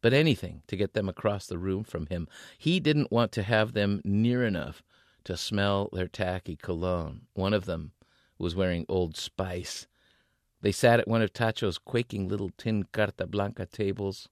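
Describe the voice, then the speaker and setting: A male author reading his novel aloud in an expressive way, voicing the characters. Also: low voice, normal speed, no room sound, studio quality.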